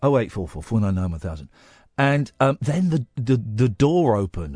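Animated radio host, swooping voice. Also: male voice, mid-range voice, moderate pace, husky, no echo, soft background music. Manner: animated, rambling storytelling. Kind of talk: radio phone-in monologue. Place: radio studio. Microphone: studio mic. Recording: dry studio sound.

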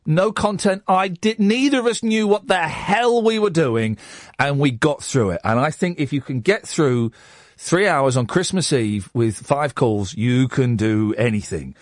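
A man's voice: fairly high pitch, a little slow, dry recording. A man, hosting a late-night radio phone-in in a chatty, self-mocking way. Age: 40s. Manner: chatty, self-mocking, lively banter with the studio team.

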